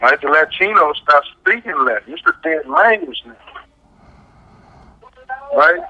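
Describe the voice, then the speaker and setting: A man talks emphatically and often checks in with "right?". His voice sits a little high. The sound is dull and lo-fi, like a phone line. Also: sing-song, unhurried, sharp tone. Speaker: guest. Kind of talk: casual radio talk.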